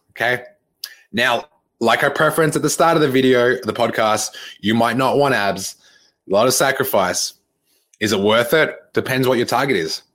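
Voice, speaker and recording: On a live-streamed podcast, this young man coaches fitness in a casual, direct way, his lowish voice carrying a fairly bright tone. Blunt and repetitive, he curses and leans heavily on fillers like "like" and "okay."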